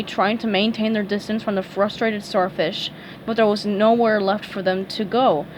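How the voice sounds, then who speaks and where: A woman reading a cartoon fan story aloud, slowly and carefully, with the odd stumble. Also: mid-range voice, a little hiss or hum, poor audio. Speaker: fan fiction reader. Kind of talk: storybook read-aloud narration.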